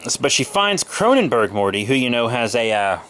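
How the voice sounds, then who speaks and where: A man's voice: mid-range voice, sing-song, fairly quick, a bit bright. A man in his twenties, a little sick with a cold, chatting loosely and rambling with lots of fillers as he shows off his comic book haul. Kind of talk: casual haul video chat.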